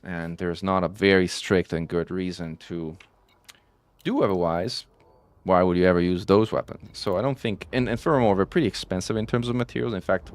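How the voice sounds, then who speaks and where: A man's voice: low-pitched, no room sound. A man casually chatting with viewers on a live stream, rambling and correcting himself as he goes. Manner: rambling, self-correcting, with frequent "um" and "like". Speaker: game streamer.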